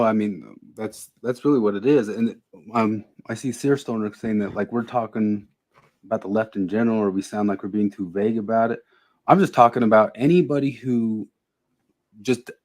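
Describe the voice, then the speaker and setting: A man's voice: fairly low pitch, moderate pace, darkish tone. A man co-hosting a podcast, talking bluntly in casual chat and often repeating his words. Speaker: podcast co-host.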